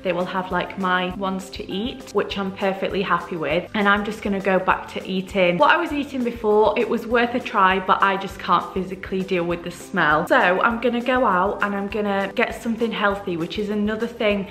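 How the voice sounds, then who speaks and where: A woman's voice: medium pitch, normal speed, few pauses, fairly bright tone, faint music behind. A young woman with a British accent, under the weather, chatting casually to camera in a rambling, self-deprecating vlog. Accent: British English. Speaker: vlogger.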